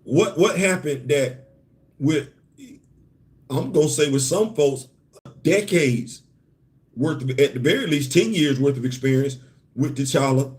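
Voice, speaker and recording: A fairly high-pitched, animated man delivers casual solo commentary about comics on his comics and culture live show. He talks conversationally, asks rhetorical questions, and repeats words as he builds each point.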